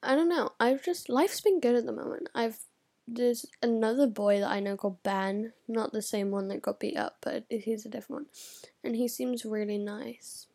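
Husky-voiced young girl vlogging. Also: a little high, moderate pace, dark tone. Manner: chatty, swears a lot, dips into whispers. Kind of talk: casual chat to camera.

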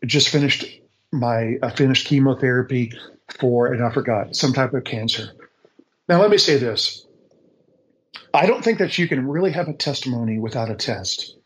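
Regular guy telling a heartfelt faith story, mid-pitched, stops and restarts a lot, earnest. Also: rough recording. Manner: earnest, repeats words as he searches for them; speaks with faith-filled conviction. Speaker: guest sharing a faith testimony. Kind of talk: casual storytelling on a call-in show.

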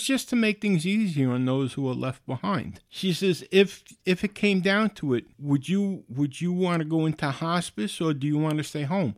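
A man recounts an odd encounter in an animated, exasperated way, switching between his own voice and the other person's. His voice sits a little high for a man. The recording is dry and close, with no room sound. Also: normal speed, few pauses, dry recording. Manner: acts out both sides of a conversation, exasperated. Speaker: host telling a story.

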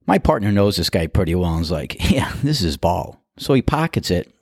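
A man with a low voice spins a casual story about a round of golf with friends. His delivery swings widely in pitch as he acts out the other players, and he laughs his way through the punchlines. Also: sing-song, a little fast, few pauses, a little mellow, slightly rough, no room sound, clean studio sound. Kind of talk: casual anecdote.

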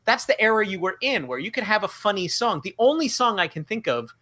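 A man's voice: sits high, a little fast. A man co-hosting a podcast, telling stories in casual chat with many fillers. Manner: animated storytelling, many fillers. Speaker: podcast co-host.

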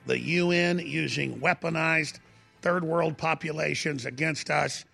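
A male talk-radio host rants fervently, stumbling and repeating words. His voice is heavily gravelly and a touch high, with faint music beneath. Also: steady tone, unhurried, bright, forceful tone. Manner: fervent, ranting, repeats himself.

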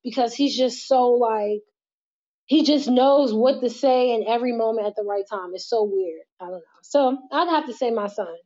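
A woman's voice: fairly high pitch, moderate pace, mellow. A young woman being interviewed as a guest, talking candidly, laughing often and swearing casually. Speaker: guest, model and mother. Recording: muffled, lo-fi audio.

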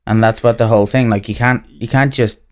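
A man's voice: mid-range voice, fairly even intonation, brisk, darkish tone. An Irish man from Ireland appearing as a guest in a casual conversation, easygoing and full of "um"s and "like"s, correcting himself as he goes. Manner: easygoing, lots of fillers and self-corrections. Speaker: guest, brand representative.

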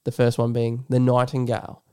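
Aussie bloke rambling thru a movie recap, laughs a lot, smooth clear voice. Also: male voice, mid-range voice, completely flat delivery, a little fast, dark tone. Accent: Australian. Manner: rambling, laughs often, swears casually. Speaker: podcast co-host. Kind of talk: casual film review chat.

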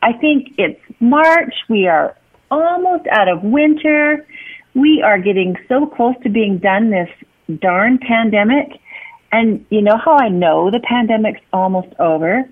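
A woman's voice: fairly high pitch, expressive, unhurried. A woman calling in to a radio show, cheerful and upbeat. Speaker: caller. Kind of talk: phone-in chat. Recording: tinny phone line.

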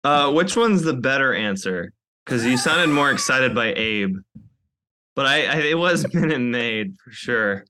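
A man guesting on a podcast talks in a loose, rambling way and turns self-conscious jokes on himself. His voice is bright and sharp, sitting at an everyday middle pitch for a man. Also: expressive, a little slow. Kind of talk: casual chat. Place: podcast studio.

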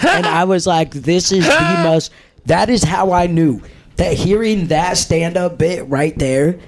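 A young man in casual podcast chat, blunt and animated, swearing freely. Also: high-pitched, measured pace. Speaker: podcast co-host.

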